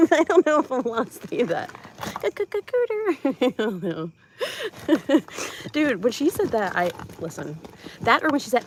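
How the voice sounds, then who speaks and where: A woman's voice: mid-range voice, darkish tone, slight background noise, rough recording. A woman from Ohio giving rambling comedic commentary outdoors at her home, giggly and stammering.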